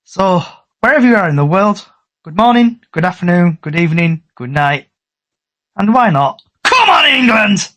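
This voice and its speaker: A man's voice: high voice, animated, moderate pace. A man with a Middlesbrough accent hosting a podcast in chatty, upbeat casual talk, thanking his regulars. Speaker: podcast host. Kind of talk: casual chat.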